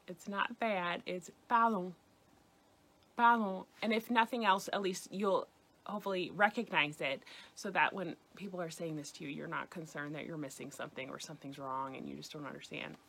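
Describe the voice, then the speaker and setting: A woman's voice: fairly low pitch, fairly bright tone. Chatty woman teaching travel French. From United States. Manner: chatty, repeats phrases slowly for practice. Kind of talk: casual spoken lesson.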